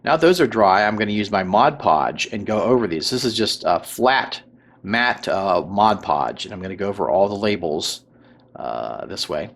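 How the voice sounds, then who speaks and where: A man hosting a tabletop crafting tutorial, talking through each step in a relaxed way with many fillers and little check-ins. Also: lowish voice, normal speed. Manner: relaxed, filler-heavy, checks in with "right?" and "okay?". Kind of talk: casual craft tutorial voice-over.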